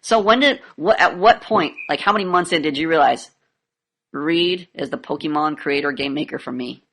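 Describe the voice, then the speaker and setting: A woman conducting a comedic interview, pushing with sarcastic, deadpan and provocative questions. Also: deep voice, normal speed.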